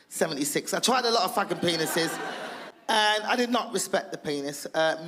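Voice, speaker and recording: A woman from England, performing stand-up comedy as a comedian in a brash, profane way, acting out loud voices. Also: on the low side.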